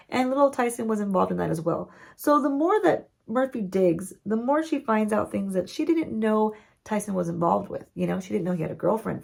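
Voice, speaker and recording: A woman's voice: mid-range voice, vocal fry, darkish tone. A woman, a beauty vlogger, recapping a TV show story-time style while doing her makeup, chatty and playful with asides to the viewers.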